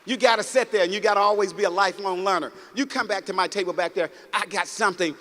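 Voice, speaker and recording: A man with a high, bright, ringing voice delivers a motivational talk to a packed auditorium. He speaks in a storytelling, preachy way and keeps calling out to the crowd. His words carry a long echo through the hall, and audience laughter rises now and then. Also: quick pace. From Mississippi, United States. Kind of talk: motivational speech. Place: large auditorium.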